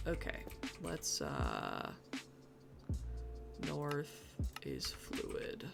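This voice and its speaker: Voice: medium pitch, very animated, takes it slowly, creaky, long pauses. A streamer doing live gameplay commentary, muttering to themself and grumbling about their own mistakes. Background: background music and keyboard typing.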